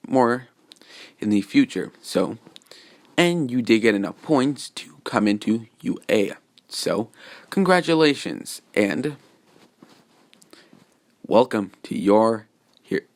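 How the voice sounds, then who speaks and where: A man voicing a formal, welcoming male school principal who stumbles over his words. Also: on the low side. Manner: hesitant, stumbling speech.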